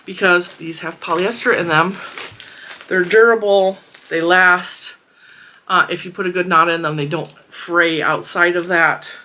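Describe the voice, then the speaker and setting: A woman talks casually through her craft supplies, rambling with easy laughs. Her voice sits a touch low yet sounds bright and forward. She is congested and slightly wheezy, speaking from a small closed room at home. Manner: chatty, rambling, laughs often. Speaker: crafting vlogger. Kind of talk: casual product review chat.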